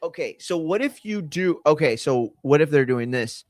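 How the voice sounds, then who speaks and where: A man's voice: fairly high pitch, animated, moderate pace, no room sound. A man hosting a live watch-along, talking casually in a rambling way and often correcting himself mid-sentence. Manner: rambling, self-correcting, conversational. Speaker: host.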